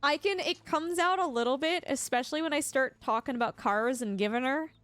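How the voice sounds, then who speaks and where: A young Canadian woman with a Canadian accent streams a game and chats casually with her live chat, laughing often and restarting sentences. Her high voice is brisk and a bit bright, with soft music playing in the background.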